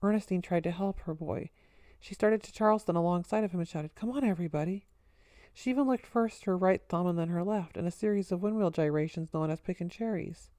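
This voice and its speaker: Lady reading a story aloud, wry and even, dark warm voice, super dry mic. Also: lowish voice, fairly quick, dry recording. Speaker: narrator. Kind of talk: audiobook narration.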